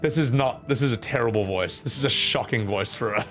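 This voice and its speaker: A man's voice: fairly low pitch, quick pace, pushed and bright, soft background music. A man with an Australian accent giving let's-play commentary, self-mocking and profane. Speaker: streamer.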